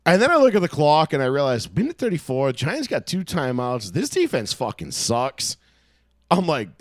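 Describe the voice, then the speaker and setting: A man telling a story loudly and profanely in a casual podcast chat. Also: on the high side, wildly swooping pitch, moderate pace, no room sound, clean studio sound. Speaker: podcast co-host.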